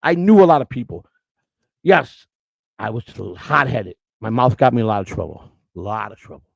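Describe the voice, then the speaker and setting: Fast-talking, blunt middle-aged man. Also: mid-range voice, very animated, gravelly, dry recording, rough recording. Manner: blunt and profane; fast, run-on retelling with restarts. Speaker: storyteller recalling his work. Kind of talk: casual storytelling.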